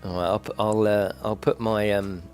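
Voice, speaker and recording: A man's voice: flat delivery, normal speed, a little mellow, smooth, soft background music. A man chatting casually on a live stream from his desk at home, rambling and chatty. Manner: rambling, chatty, breaks into high coo when talking to his pet bird. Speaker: gaming YouTuber. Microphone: desk microphone.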